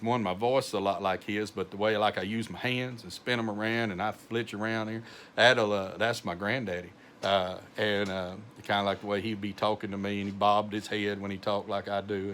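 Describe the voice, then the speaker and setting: Slow-talking North Texas pastor. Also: male voice, fairly low pitch, fairly bright tone, slight background noise. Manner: slow, rambling, many fillers and restarts. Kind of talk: informal devotional talk.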